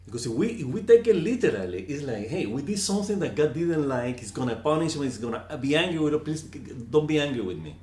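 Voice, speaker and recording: A man giving a slow, earnest reflective teaching on scripture, often repeating words for emphasis. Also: fairly high pitch, very animated, dark tone, roomy sound. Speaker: spiritual teacher.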